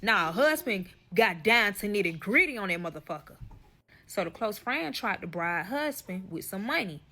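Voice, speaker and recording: A woman's voice: medium pitch, very animated, moderate pace, pushed and bright. A woman telling a personal story in casual, profane fashion, talking straight to her audience. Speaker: storyteller guest.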